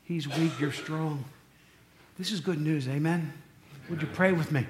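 Male pastor, conversational sermon, rambling asides, high voice, echoey church hall. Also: a little slow, a little hiss or hum.

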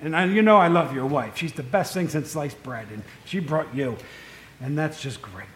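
A man's voice: a little high, normal speed, a bit bright. A man preaching a conversational, storytelling sermon, full of asides to the congregation. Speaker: pastor. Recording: echoey room.

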